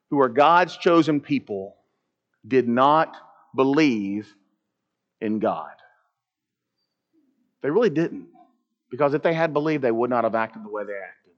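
A man with a fairly high voice teaches a Bible lesson to a church class. He explains earnestly and keeps asking his listeners rhetorical questions. The recording is dull and lo-fi.

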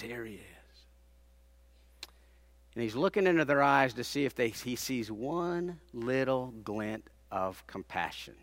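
A man preaching a sermon, dramatically acting out the people he quotes, rising to loud peaks and dropping to hushed tones. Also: dry recording, clean studio sound. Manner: dramatic, acts out quoted speakers with big swings in loudness; drops to hushed low tones for emphasis.

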